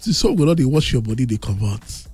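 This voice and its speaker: A man's voice: medium pitch, sing-song, quick pace, husky, faint music behind. A man from Nigeria with a Nigerian Pidgin English accent, talking as a radio host in boastful, teasing banter. He is a bit under the weather, and his voice sounds thick. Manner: brash, teasing, loud boasting.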